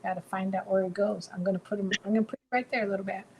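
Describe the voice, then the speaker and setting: A woman hosts a relaxed craft demonstration in a mid-range voice. She is bubbly and chatty and tends to repeat her phrases as she shows each piece. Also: mid-range voice, racing, a little hiss or hum, poor audio. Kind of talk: casual craft tutorial.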